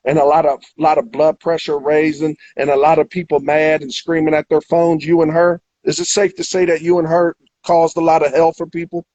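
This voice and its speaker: A man's voice: a little high, level tone, fairly quick, hardly any pauses, a little mellow, no room sound, lo-fi sound. A man hosting a livestream argument, confrontational and profane, often talking over his guests. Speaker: livestream host.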